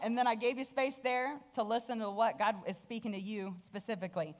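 A woman delivers a sermon as a guest speaker, her voice sitting at an ordinary middle pitch. She tells the story with animation and slips into the characters' lines as she goes. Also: brisk, few pauses.

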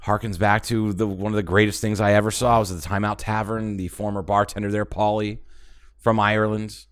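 Low-voiced man, profane podcast storyteller. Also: level tone, brisk, clean tone. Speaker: podcast co-host. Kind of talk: casual chat.

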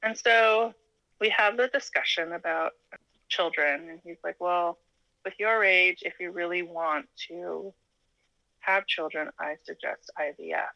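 Bright-voiced woman telling a personal story. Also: fairly low pitch, a little slow, vocal fry, no room sound, highs cut off. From Alaska. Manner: animated, laughs often, acts out quoted dialogue. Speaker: interview guest. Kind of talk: casual storytelling.

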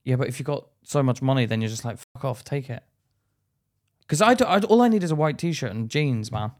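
A man co-hosting a podcast, chatting casually in a blunt, sweary way with quick stories. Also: mid-range voice, big pitch swings. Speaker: podcast co-host. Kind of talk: casual chat.

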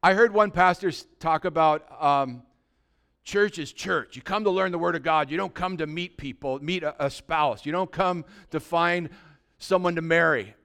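Smooth-voiced male pastor preaching. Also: on the high side, normal speed. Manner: conversational preaching, drops to a soft voice for imagined dialogue. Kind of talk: sermon.

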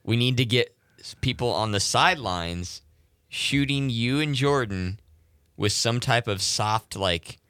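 Man, radio co-host, joking, bright tone, dry sound. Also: mid-range voice, measured pace, clear, resonant tone, no echo. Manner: joking, playful interjections. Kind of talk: casual radio chat.

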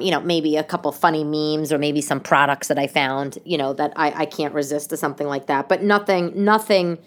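A woman comedian with a New York accent hosting her own podcast in casual chat, expressive and animated, swinging between loud outbursts and quiet asides. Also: low-pitched.

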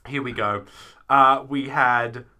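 A man chatting casually on a podcast about theatre shows, rambling and animated, slipping into quick silly voices. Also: mid-range voice. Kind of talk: casual chat.

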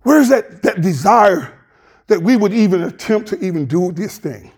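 A man's voice: high voice, lively intonation, moderate pace, darkish tone, husky. A male pastor, preaching a passionate sermon in a church, hollering with plain colloquial speech.

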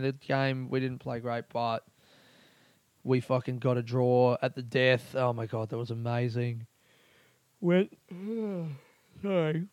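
A man's voice: medium pitch, a little mellow, smooth, no echo. A man hosting a casual solo podcast, rambling and swearing freely as he talks. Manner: rambling, profane and laughing. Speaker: podcast host.

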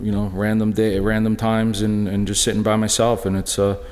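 A middle-aged man giving a personal testimony talk in a church, halting and earnest, full of restarts. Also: lowish voice, completely flat delivery, a little mellow. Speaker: lay speaker sharing a personal witness. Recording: echoey church hall.

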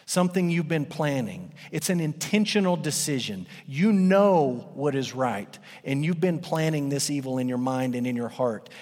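Pastor guy preaching, kinda high voice, long reverb from the hall. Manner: emphatic, rising and falling for effect. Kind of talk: sermon.

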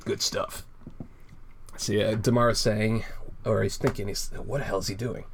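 This man co-hosts a casual podcast and walks through a comic in a rambling, laid-back way, swearing and laughing often. His voice is lowish and creaky, with fairly even intonation and a moderate pace, and there's slight background noise.

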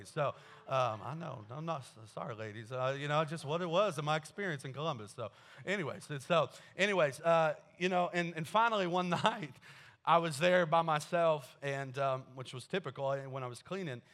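A man preaching a sermon as pastor, animated and joking, telling personal stories. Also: medium pitch. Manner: animated, joking asides, storytelling.

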